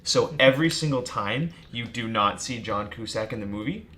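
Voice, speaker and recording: A man hosting a podcast in casual chat, upbeat and laughing often, telling stories quickly. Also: medium pitch, expressive, bright, forceful tone. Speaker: podcast host and editor.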